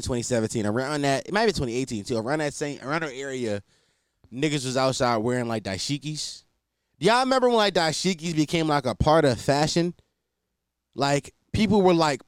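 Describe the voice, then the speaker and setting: A man's voice: fairly high pitch, clear, resonant tone, no echo, clean studio sound. A young man hosting a solo podcast, rambling casually with lots of swearing and self-deprecating asides. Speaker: podcast host.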